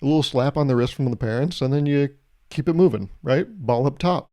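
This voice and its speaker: A man hosts a solo podcast, riffing in a sarcastic, comedic monologue and firing off rhetorical questions. His voice is mellow and warm, sitting at an ordinary male pitch. He dishes out mock advice with a playful, teasing edge. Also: brisk. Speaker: podcast host.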